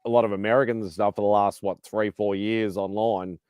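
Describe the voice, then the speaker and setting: A man hosting a casual online chat show, rambling and swearing casually between quick laughs. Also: on the low side, steady tone, darkish tone, clean tone, no echo, studio quality. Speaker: podcast host.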